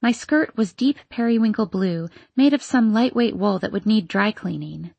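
A woman reading a novel aloud in steady scripted narration. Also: medium pitch, moderate pace, gravelly, breathy edge, no room sound. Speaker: audiobook narrator.

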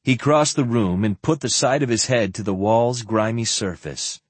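A man reading an audiobook in a measured narrating style. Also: mid-range voice, husky, no echo. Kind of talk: scripted narration.

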